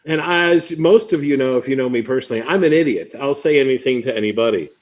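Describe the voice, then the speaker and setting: A man hosting a live online event, chatting casually and telling a story with lively asides. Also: medium pitch, fast. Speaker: host. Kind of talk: casual live-stream chat.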